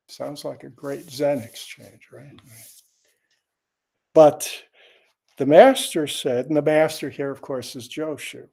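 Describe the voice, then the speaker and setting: A man gives a dharma talk as a Zen teacher, his somewhat high voice carrying a gravelly edge. He talks slowly, in a mellow and unhurried way. His delivery stays conversational, with wry asides.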